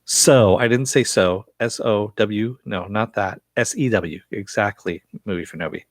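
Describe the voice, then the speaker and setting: A man's voice: lowish voice, measured pace, no room sound. A man casually recapping a TV episode in a loose, chatty way, with lots of fillers and swearing. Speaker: show reviewer.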